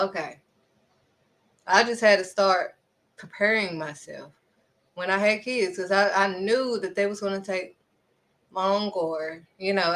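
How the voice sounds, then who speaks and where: With a medium, slightly bright voice, a faith vlogger speaks earnestly and conversationally. She offers spiritual encouragement sprinkled with dramatic little asides.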